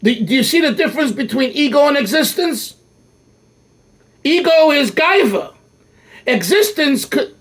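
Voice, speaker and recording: An older man leads a Torah class in a voice that sits unusually high for a man. He speaks emphatically and with lots of animation, often breaking off and restarting a phrase before pressing his point. He talks like a teacher working through a text with his students. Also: fairly bright tone. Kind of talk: Torah lecture.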